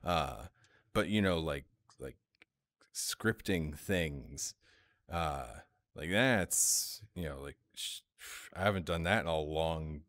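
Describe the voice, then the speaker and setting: A man's voice: rumbling low, slow, a bit bright. A man hosting a casual livestream chat, jokey and rambling, with many restarts. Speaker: host.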